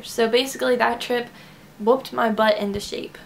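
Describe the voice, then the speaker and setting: A woman's voice: a little high, fairly even intonation, vocal fry, slight background noise. Teary, chatty young woman vlogging. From Kentucky. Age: young adult. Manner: emotional, teary, fast with many fillers. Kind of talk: casual heartfelt talk to camera.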